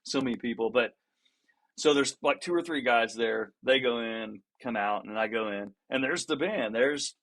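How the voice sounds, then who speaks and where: A man's voice: medium pitch, normal speed. A man, a guest musician on a podcast, telling stories in casual talk, laughing often and restarting his sentences. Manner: lively storyteller who acts out what others said. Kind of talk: casual storytelling in a podcast interview.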